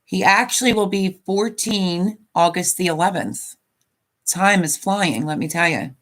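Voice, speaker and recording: A woman's voice: lowish voice, unhurried, fairly bright tone. A woman in her fifties hosting a casual live stream, chatting in a rambling way and reading viewer comments aloud.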